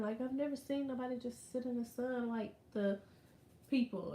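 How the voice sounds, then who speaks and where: A woman vlogger in casual chat, telling stories in an animated, slangy way. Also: fairly high pitch, unhurried, long pauses. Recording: roomy echo.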